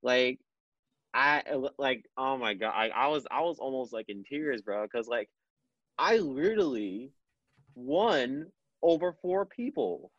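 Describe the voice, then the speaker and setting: A man's voice: mid-range voice, expressive, a little slow, a bit bright, no echo. Teen boy, student council member, rambling casual talk, dull dry recording. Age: teens. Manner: rambling, many restarts and fillers. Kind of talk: casual chat. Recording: dull lo-fi sound.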